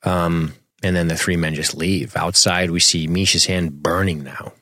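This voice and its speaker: A man's voice: low voice, a little slow, no echo, studio quality. A man co-hosting a podcast, chatting casually as he recaps a TV episode and reads questions from the chat. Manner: relaxed, laughs often, reads chat questions. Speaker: podcast co-host.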